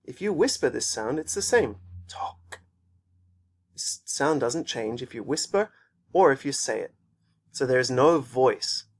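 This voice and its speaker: A man's voice: mid-range voice, animated, moderate pace. A man teaching an English pronunciation lesson, patiently repeating words for students to copy. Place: teaching in Japan.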